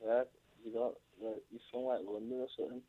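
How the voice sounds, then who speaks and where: A man's voice: mid-range voice, flat delivery, fairly quick. A male caller to a radio phone-in who talks in slangy, put-on tough street talk. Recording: tinny phone line.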